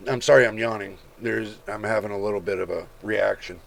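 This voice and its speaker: Male channel host, very gravelly voice, casual price read-through with viewer asides. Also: fairly low pitch, steady tone, fairly quick. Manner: reads prices aloud, chatty asides to viewers. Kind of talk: casual screen-share commentary.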